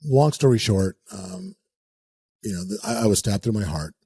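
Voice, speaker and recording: A man in his forties, a podcast guest, talking in a relaxed, joking way with many pauses and fillers, with a husky voice. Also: lowish voice. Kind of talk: conversational interview.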